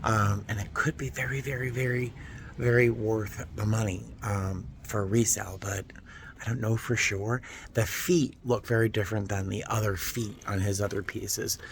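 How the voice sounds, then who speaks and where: An excitable man talks into a handheld phone camera as he browses an antique store. His voice sits a little low with a gravelly edge, and he swings between eager gushing and hushed asides to himself. A faint murmur of the shop carries behind him. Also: moderate pace, slight background noise. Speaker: vlogger. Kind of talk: casual vlog commentary.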